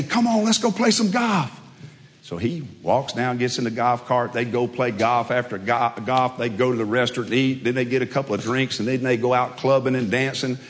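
Folksy coach-preacher guy, repeats lines for punch, mid pitch, long echo in a big hall. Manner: folksy storytelling, emphatic repetition. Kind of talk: sermon.

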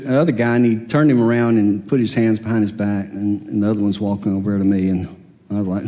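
Pastor guy telling a story, kinda higher voice, laughs at himself, echoey church. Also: darkish tone. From Alabama, USA. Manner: folksy, self-deprecating, laughs while telling stories. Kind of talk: conversational storytelling sermon.

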